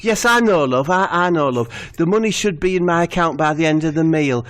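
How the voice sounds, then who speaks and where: A man's voice: fairly quick, fairly bright tone, natural voice. Man putting on a nervous fawning manager. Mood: anxious. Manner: high, anxious, eager to please. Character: fawning, timid middle-aged football manager.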